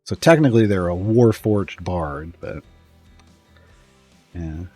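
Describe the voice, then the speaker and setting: A man chatting casually on a live stream, rambling and often trailing off with pauses and small chuckles. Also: deep voice, expressive, a little mellow, slightly rough, faint music behind.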